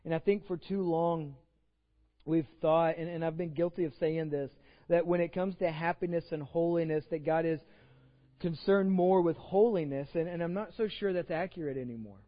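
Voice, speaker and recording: A male pastor delivers a sermon in a high voice, retelling scripture stories in loose everyday slang with lively storytelling energy. His voice rings through a reverberant church sanctuary with a long tail of echo. The sound is a little dull and muffled. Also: normal speed.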